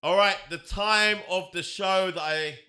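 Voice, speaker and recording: A man's voice: high voice, a little slow, pushed and bright, clean tone. A man hosting a casual sports chat show, playful and teasing, leaning hard on his points. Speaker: show host.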